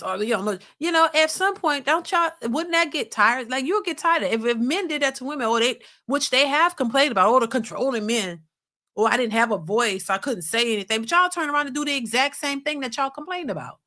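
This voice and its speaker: A woman reacts to a clip in blunt, exasperated casual commentary. Her voice is a bit high and very bright, and she lectures her viewers as she goes. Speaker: reaction channel host.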